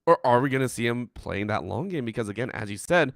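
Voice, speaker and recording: A man co-casting a live esports match in an animated way, with joking pleas and chuckles. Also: mid-range voice, quick pace, gravelly, no echo. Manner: animated, pleading jokes, chuckles. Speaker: esports caster.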